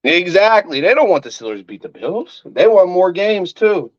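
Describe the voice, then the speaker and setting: A man's voice: sits high, very animated, normal speed, dull audio. A man, angrily ranting on a live stream as a sports fan and swearing often. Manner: angry, profane ranting.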